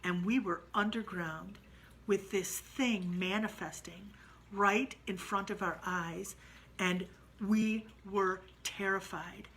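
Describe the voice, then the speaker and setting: A woman telling a true ghost story, dramatic and moving from hushed to loud. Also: medium pitch, steady tone, slow pace, a little hiss or hum, poor audio.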